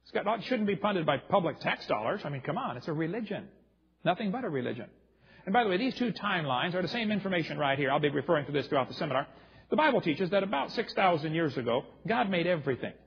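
A man's voice: fairly high pitch, sing-song, quick pace, creaky, breathy edge, long reverb tail. A man giving a humorous lecture to a live audience, telling stories and throwing jokes and asides at the crowd. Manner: jokey storyteller with audience asides. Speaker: seminar speaker. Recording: dull lo-fi recording.

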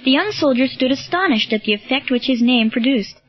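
A woman narrating an audiobook in a steady, clear storytelling manner. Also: sits high, a little fast, soft background music. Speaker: audiobook reader. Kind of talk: scripted narration. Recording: dull lo-fi, dry.

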